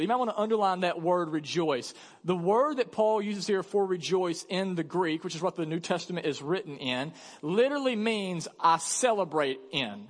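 Animated high-voiced pastor preaching. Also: male voice. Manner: animated, conversational, mimics voices for emphasis. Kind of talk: sermon. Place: large church hall. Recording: church hall reverb.

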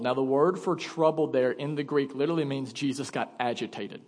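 A man's voice: mid-range voice, a little fast, hardly any pauses, a little mellow, in a large hall. A male pastor delivering a sermon in an emphatic, conversational way, speaking in a church sanctuary.

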